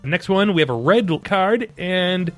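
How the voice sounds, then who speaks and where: A man's voice: high-pitched, animated, a little slow, fairly bright tone, faint music behind. A man hosting a casual podcast chat, upbeat and laughing often. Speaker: podcast host.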